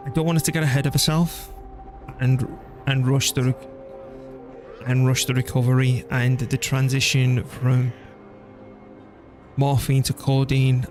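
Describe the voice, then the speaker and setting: A man streaming a strategy game, chatting casually and thinking out loud as he plays, laughing easily. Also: medium pitch. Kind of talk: casual gameplay commentary.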